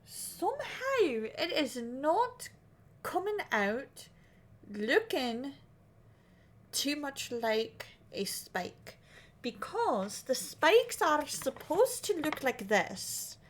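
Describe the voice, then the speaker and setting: A woman's voice: high-pitched, sing-song, extremely slow. A woman livestreaming her crochet work, chatting casually in a put-on Scottish accent and thinking aloud as she wonders if she is doing it right. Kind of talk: casual live-stream chat.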